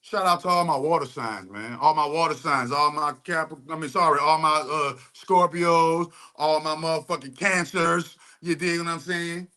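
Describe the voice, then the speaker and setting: A man's voice: on the high side, steady tone, normal speed, hardly any pauses, pushed and bright. A young adult man giving heated, rambling commentary full of profane street slang. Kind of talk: ranting commentary.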